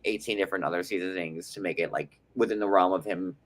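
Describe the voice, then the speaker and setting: A man co-hosting a casual reality-TV recap chat, animated and quick to slip into playful impressions. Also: deep voice. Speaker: co-host.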